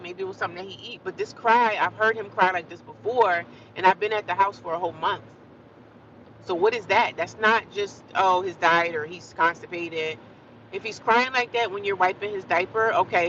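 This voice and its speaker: A woman's voice: medium pitch, a bit bright, lo-fi sound, slight background noise. A woman vlogging in a casual, rambling monologue, earnest and repetitive, with frequent asides to the viewer.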